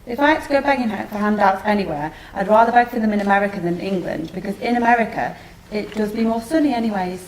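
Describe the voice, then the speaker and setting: A woman's voice: mid-range voice, quick pace, echoey room, a little hiss or hum, lightly acted, low-quality recording. A woman playing a frail, needling elderly mother who talks in a plaintive, wheedling way, in a theatre studio.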